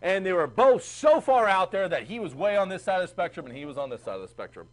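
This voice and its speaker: A man teaching a history class in a classroom, animated and chatty, often checking in with the students. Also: sits high, quick pace, low-quality recording. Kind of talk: classroom lecture.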